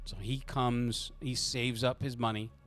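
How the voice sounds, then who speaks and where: A man's voice: mid-range voice, flat delivery, unhurried, a bit bright. A man narrating as game master of a tabletop game, rambling with frequent restarts.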